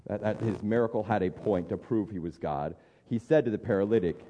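A man's voice: on the low side, fairly quick, warm tone, in a large hall, lo-fi sound. A man in his thirties preaching a conversational sermon as a pastor, thinking aloud with frequent restarts.

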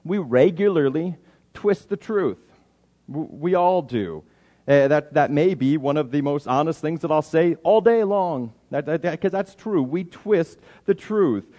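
A man, likely a pastor, delivers a sermon with lots of stammered restarts, slipping into little voiced excuses. His voice sits slightly high for a man. The sound carries a long hall reverb. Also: measured pace, dark tone, highs cut off.

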